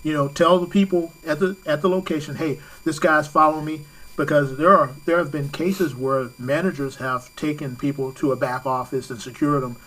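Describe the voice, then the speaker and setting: A man's voice: on the high side, fairly even intonation, normal speed, few pauses, a bit bright, poor audio. A man giving safety advice on a talk radio show, talking conversationally, laughing easily and restarting his sentences. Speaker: safety expert guest.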